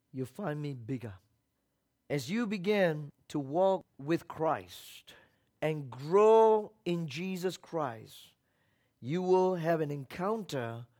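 A middle-aged male pastor preaching a sermon, repeating key phrases and swinging from soft asides to shouted exhortation. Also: high voice.

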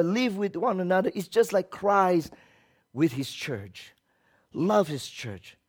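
High-voiced preaching man. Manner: preaching with big swings from loud emphasis to low, quiet asides; tells a story and acts out its voices. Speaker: pastor. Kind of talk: sermon.

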